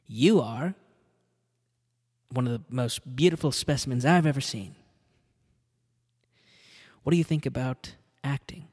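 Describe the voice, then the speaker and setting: A man voicing a pushy, eager male talent agent in a loud, raised voice. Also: unhurried, pauses often, husky, in a large hall. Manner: loud, upbeat pitch.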